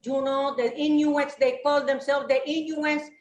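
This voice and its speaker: A woman voices Mrs. Claus: shrill, brassy roast comic in a reverberant room with faint hum. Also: little pitch movement, measured pace. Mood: storytelling. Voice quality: loud, bubbly, laughing through lines. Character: brassy, flirty Mrs. Claus with a Latin flair. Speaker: roast guest. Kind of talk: live comedy roast bit.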